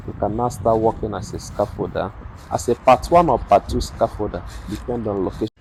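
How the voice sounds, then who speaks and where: A man's voice: lowish voice, darkish tone, slight background noise, rough recording. A young man, the host of a channel, walks through construction careers in an informal spoken tutorial, methodical and repeating key points for emphasis.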